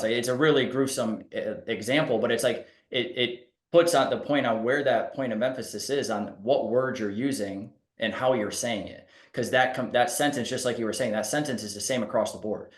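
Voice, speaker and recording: A man's voice: medium pitch, a little fast, roomy sound. A man who works as a real estate agent, talking in a podcast conversation in a laid-back way and explaining by acting out examples.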